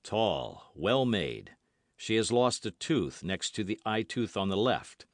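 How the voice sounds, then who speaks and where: A man voicing a calm, phlegmatic male musketeer in an audiobook, low and measured. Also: no room sound, clean studio sound, full character voice. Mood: grave. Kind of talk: audiobook character voice.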